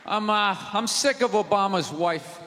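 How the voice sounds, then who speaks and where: A man's voice: sits high, unhurried, crowd noise, noisy background. A man in his forties doing a profane, exasperated stand-up rant on a big theater stage, with the audience laughing. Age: 40s. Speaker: stand-up comedian. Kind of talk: stand-up routine. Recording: live theater with long reverb.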